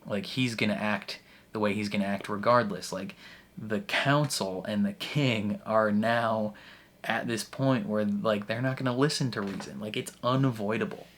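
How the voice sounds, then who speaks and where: A man's voice: lowish voice, steady tone, moderate pace, a bit bright. Man rambling through a reaction video. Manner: rambling, filler-heavy with frequent "like" and restarts; laughs often while talking. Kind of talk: casual episode commentary.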